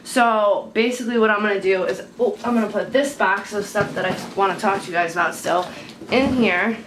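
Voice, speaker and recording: A woman's voice: mid-range voice, a little fast. Young woman, beauty vlog chat, rambling, blunt, home camera mic, background hiss. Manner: chatty and rambling, blunt and swears when annoyed. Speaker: beauty vlogger. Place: at home, indoors. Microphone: handheld camera mic. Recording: noisy home camera recording.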